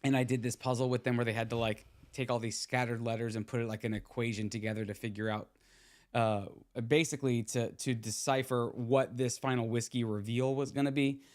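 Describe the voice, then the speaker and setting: A man's voice: medium pitch, fairly even intonation, brisk, a little mellow. A man, hosting a podcast in loose casual chat, full of fillers and restarts. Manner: rambling, many fillers and restarts. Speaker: podcast host.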